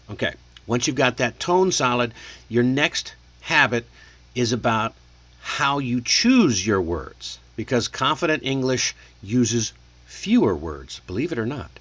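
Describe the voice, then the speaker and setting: A man gives an English speaking lesson from his desk, talking at an unhurried, very slow pace. His pitch sits in an ordinary middle range, and the close mic sound is dry with no room around it. He checks in often and models how sentences should land. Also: fairly bright tone, no echo. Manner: coaching, deliberate, checks in with "okay?"; demonstrates rising and falling intonation.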